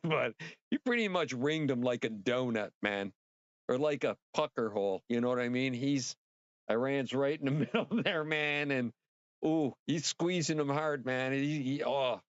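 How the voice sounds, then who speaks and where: A man hosting a casual livestream, rambling and excitable, swearing freely and talking straight to his viewers. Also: medium pitch, normal speed, no echo, lo-fi sound. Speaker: livestream host.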